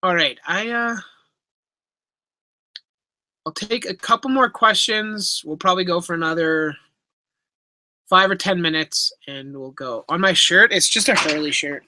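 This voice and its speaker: A man's voice: high voice, unhurried, pauses often, pushed and bright, dry recording. A man from Canada hosting a casual live stream Q&A from home, reading chat aloud through his laptop microphone and joking around. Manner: laid-back, reads chat aloud, jokes and swears. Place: home room with pet enclosures.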